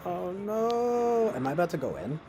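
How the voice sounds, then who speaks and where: A man's voice: high voice, sing-song, moderate pace. A young man streaming from his couch at home. He rambles and jokes with profanity, laughs often and improvises silly raps. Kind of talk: rambling late-night stream chatter.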